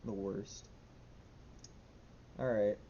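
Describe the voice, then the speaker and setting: A man's voice: steady tone, extremely slow, dark tone. A young man rambling nervously in a casual diary vlog, with lots of fillers and restarts. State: anxious. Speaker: vlogger. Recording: dull lo-fi with faint rumble.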